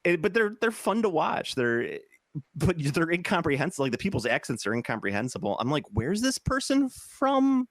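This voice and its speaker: A man's voice: fairly high pitch, lively intonation, a little fast, a bit bright, no room sound. A man in his forties co-hosting a podcast, rambling through casual chat with jokes and frequent laughs. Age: 40s. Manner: rambling, jokey, laughs often. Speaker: podcast co-host.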